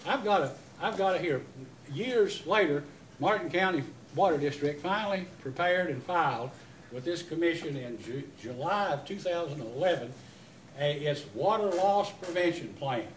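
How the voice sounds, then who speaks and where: A man's voice: a little high, expressive, moderate pace, a little hiss or hum. A man, questioning a witness at a public hearing, emphatic and rambling with many restarts. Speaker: utility commissioner at a public hearing. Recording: echoey hearing room, mic at a distance.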